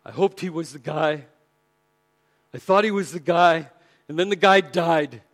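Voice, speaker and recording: Picture a grown disciple who has thrown in the towel, blaming himself in a fairly high voice with tumbling, hurried phrases, as a preacher acts him out. He sounds defeated and worn down. It fits a live sermon retelling. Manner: defeated and self-reproaching. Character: impetuous disciple who gave up, grown man.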